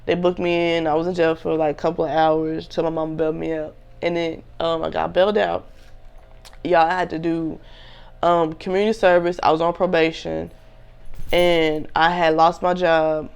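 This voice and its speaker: Young woman, gravelly voice, casual storytelling, candid, slangy, talks to viewers. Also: deep voice, little pitch movement, normal speed, darkish tone. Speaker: vlogger telling a personal story.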